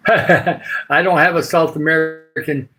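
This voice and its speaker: A man's voice: on the high side, fairly even intonation, unhurried, bright, forceful tone, soft background music, rough recording. An older man with a Michigan accent, chatting casually with viewers on his livestream, rambling along with lots of uhs. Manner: rambling, many filler uhs. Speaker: livestream host. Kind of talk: casual live chat with viewers.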